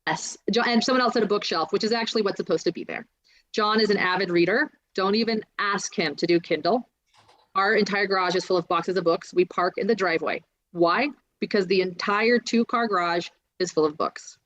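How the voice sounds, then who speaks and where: A woman's voice: mid-range voice, brisk, fairly bright tone. A woman hosting a livestream, chatting in a rambling way about home and upcoming shows. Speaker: livestream host. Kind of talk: casual livestream chat. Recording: dull lo-fi stream audio.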